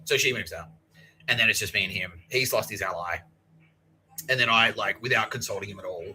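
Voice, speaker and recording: A man's voice: on the low side, a little fast, bright, forceful tone, a little hiss or hum, poor audio. A man in his thirties with an Australian accent, hosting a podcast and telling a long story in a profane, rambling way, often laughing and acting out other people's voices. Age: 30s. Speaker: podcast host.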